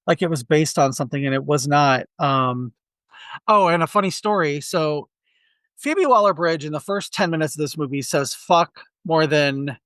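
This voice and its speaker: A man's voice: on the high side, normal speed, clear, resonant tone, no echo. A man co-hosting a casual movie review podcast, telling stories with lots of restarts and acting out quotes. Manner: animated storyteller, acts out quotes. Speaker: podcast co-host.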